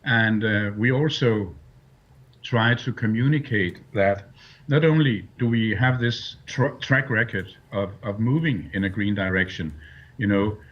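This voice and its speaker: A man from Denmark, an executive director, answering radio interview questions in a measured, explanatory way with some hesitations. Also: lowish voice, dull audio.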